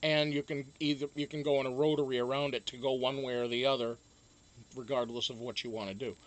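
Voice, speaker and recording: A man's voice: medium pitch, steady tone, quick pace. A man hosting a casual live stream, chatting loosely, greeting viewers one by one and swearing freely.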